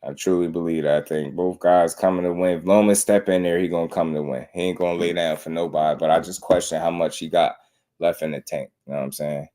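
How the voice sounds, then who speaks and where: Low-voiced boxing host, blunt and slangy. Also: male voice, fairly even intonation, fast, mellow. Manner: blunt slangy talk, heated when worked up. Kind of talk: casual commentary.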